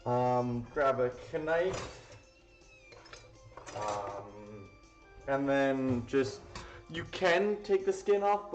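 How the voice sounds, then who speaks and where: A man hosting a live cooking stream, talking casually and rambling, with plenty of fillers and the odd swear word. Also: medium pitch. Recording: roomy, dull lo-fi sound with faint music.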